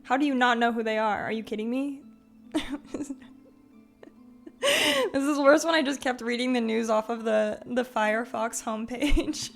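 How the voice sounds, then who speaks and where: A woman's voice: a little high, steady tone, fairly quick, gravelly, soft background music. Chatty young woman streamer, full of fillers. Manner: chatty, filler-heavy, giggly, greets chat by name. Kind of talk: casual live-stream chat.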